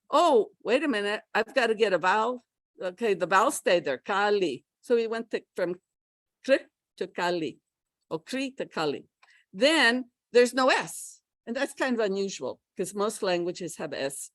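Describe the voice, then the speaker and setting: An American woman giving a pronunciation workshop, teaching in a lively way and checking in with her listeners as she goes. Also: mid-range voice, dry recording. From United States. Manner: lively teacher, checks in with okay and all right. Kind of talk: lecturing to a class.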